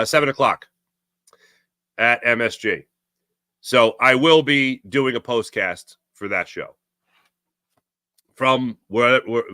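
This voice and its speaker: A man's voice: medium pitch, bright, forceful tone, dry recording. A middle-aged man from the Philadelphia area with a slight Philly accent, hosting a casual sports talk monologue in a rambling, conversational way full of fillers and restarts. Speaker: sports podcast host.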